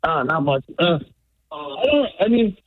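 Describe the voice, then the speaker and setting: A man calls in to a radio show on a dry, tinny phone line, his voice sitting a little high. He talks casually and rambles from point to point. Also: very animated, measured pace, crowd noise. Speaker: caller. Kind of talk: call-in radio talk.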